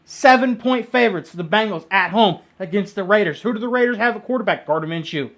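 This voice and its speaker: Excitable high-voiced man making sports picks. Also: fairly quick. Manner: excitable, blunt, jokey, sometimes loud. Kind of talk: casual football picks monologue.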